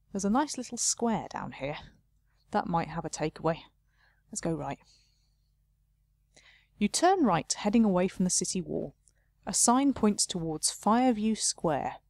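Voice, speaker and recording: A woman's voice: fairly low pitch, a little mellow, dry recording. A woman playing a game, chatting casually and reading the game text aloud, often laughing at herself. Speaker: let's play host.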